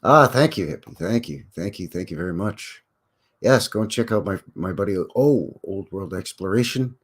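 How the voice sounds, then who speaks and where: A man's voice: sits low, animated, moderate pace, slightly rough. A man hosting a rambling live stream, talking with viewers in a folksy, conversational way full of fillers and asides. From Canada. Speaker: livestream host.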